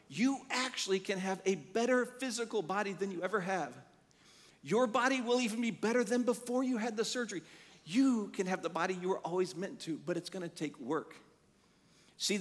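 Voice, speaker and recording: A man preaching a sermon as pastor, telling animated stories and acting out the quotes in them. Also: sits high, in a large hall. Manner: animated storytelling with acted-out quotes. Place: church sanctuary.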